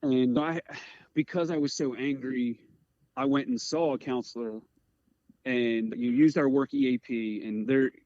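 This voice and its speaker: A man in his forties from the Eastern Shore of Maryland, a career firefighter telling a personal story in an earnest, halting way full of "like" fillers. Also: medium pitch, gravelly, warm tone, no echo. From Eastern Shore of Maryland, USA. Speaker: career firefighter, podcast guest. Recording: dry, slightly muffled audio.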